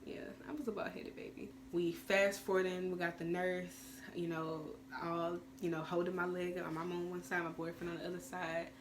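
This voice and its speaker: A woman's voice: fairly low pitch, level tone, normal speed, few pauses. A teenage woman telling a storytime vlog in a chatty, rambling way, full of fillers. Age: teens. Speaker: vlogger. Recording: clear background noise.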